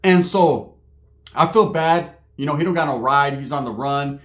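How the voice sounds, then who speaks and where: Slangy storyteller, crude and quick. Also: male voice, fairly high pitch, fairly bright tone. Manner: slangy, crude, laughing asides. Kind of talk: comedic storytelling. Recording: roomy echo.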